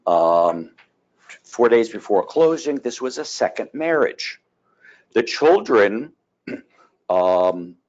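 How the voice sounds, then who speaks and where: A man teaching a continuing education class on real estate law, telling folksy stories and clearing his throat often. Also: on the low side, darkish tone, muffled recording.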